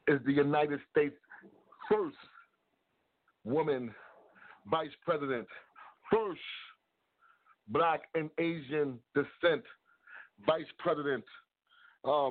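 Hyped man giving shout-outs, tinny sound. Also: fairly high pitch, steady tone, takes it slowly, pauses often. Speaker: video blogger. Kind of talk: excited casual monologue. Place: New York. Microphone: close to a mic.

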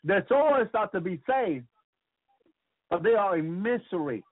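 A radio preacher with a high, expressive voice speaks a little slowly, without room sound. He fervently preaches about his visions, interjecting hallelujahs and repeating words, and the audio is tinny and phone-like.

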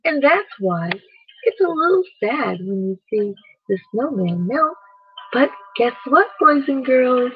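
A woman reading a bedtime story aloud, gently speaking to the children listening. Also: on the high side, lively intonation, highs cut off, a little hiss or hum. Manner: slow, gentle, addresses children directly.

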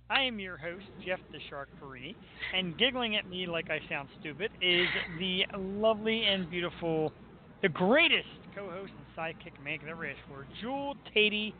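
A man's voice: high voice, expressive, moderate pace. A man hosting a live talk radio show, joking brashly and crudely with his co-host. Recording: tinny phone-line audio with faint hiss.

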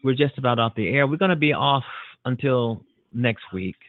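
A man's voice: medium pitch, expressive, moderate pace. A man hosting a talk show, earnest and rambling, with frequent repeats and fillers as he signs off. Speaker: radio talk show host. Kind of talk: closing monologue of a call-in show. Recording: dry, tinny phone-like audio.

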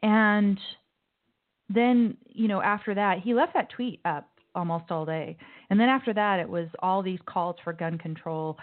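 A woman's voice: mid-range voice, unhurried. A woman hosting a call-in talk show, chatting in a loose, opinionated way with asides. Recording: tinny phone-like sound.

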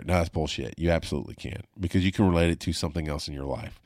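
Blunt low-voiced man telling stories. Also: expressive, quick pace, a little mellow, dry recording, clean studio sound. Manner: blunt, profane, rambling with restarts. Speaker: podcast host, former paramedic. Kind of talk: casual storytelling monologue.

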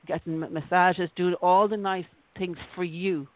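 A woman's voice: on the low side, steady tone, normal speed, dry recording. A woman hosting a call-in psychic show, giving a rambling, reassuring reading with frequent restarts. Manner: warm-hearted, rambling, restarts often. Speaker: radio show host, psychic. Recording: dry, tinny phone line.

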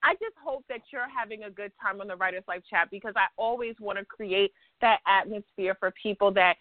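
A woman with a New York accent hosting a casual interview, playful and teasing, telling stories with lively asides. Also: mid-range voice, a little fast, no echo. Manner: playful, teasing, animated storyteller. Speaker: podcast host. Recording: dry, phone-like line.

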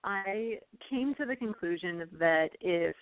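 A woman's voice: medium pitch, lively intonation, takes it slowly, dry recording. A woman from California, an author, talking through her book in a casual interview with many ums and you-knows. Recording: tinny, dry phone-line audio.

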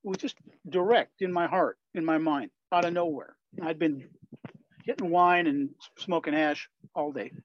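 An older man from Wisconsin, a Christian musician and pastor, telling candid, lively stories as a guest in an interview. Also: a little high, moderate pace. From Wisconsin, USA. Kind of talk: storytelling in a conversational interview. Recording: slightly dull, lo-fi sound.

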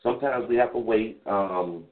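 A man's voice: fairly low pitch, normal speed. A man in his thirties hosting a radio show, talking in a loose, rambling, candid way with some swearing while he drives. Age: 30s. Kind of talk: casual call-in radio monologue. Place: in a car while driving. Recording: tinny phone line, echoey.

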